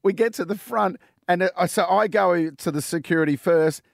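Australian male radio host, high voice, dry close mic, lively storyteller. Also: normal speed, gravelly, dry recording. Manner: animated storyteller, acts out quotes. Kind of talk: casual breakfast radio banter.

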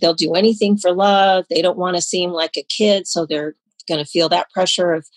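A woman's voice: lowish voice, steady tone, normal speed, no echo, poor audio. A woman guest in an interview, explaining in an earnest, patient way and checking that she is understood. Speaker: anti-trafficking expert guest. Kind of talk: informative interview answers.

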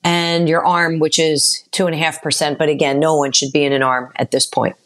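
Lady on talk radio going through mortgage stuff, lowish voice, steady and informative. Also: brisk. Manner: informative, reads out rates and phone numbers. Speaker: mortgage lender and radio co-host.

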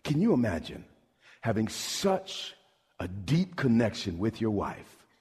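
A man's voice: lowish voice, sing-song, a little slow, darkish tone, husky. A middle-aged man preaching a sermon as pastor, emphatic and calling out questions to the congregation. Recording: long hall reverb.

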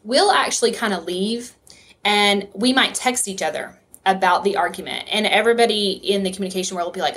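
A woman's voice: medium pitch, fairly quick, fairly bright tone. A woman speaking in an easygoing conversation, steadily affirming the others and then explaining her point. Her manner is teacherly and encouraging, walking through ideas step by step. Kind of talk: casual chat.

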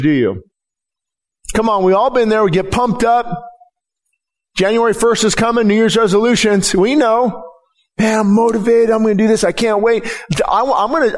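A middle-aged man preaching a sermon as pastor, emphatic and often repeating words as he presses his point. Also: high voice.

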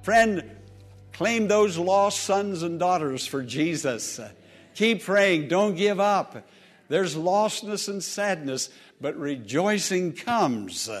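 A man's voice: high voice, lively intonation, slow pace, faint music behind. A man preaching a sermon as pastor, fervent and exhorting, repeating phrases with dramatic swings in delivery.

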